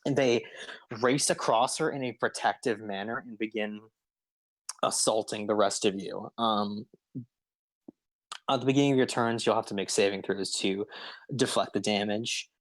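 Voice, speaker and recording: A man narrating a tabletop game as game master, unhurried and full of ums and uhs. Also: on the low side, steady tone, a bit bright, dry recording.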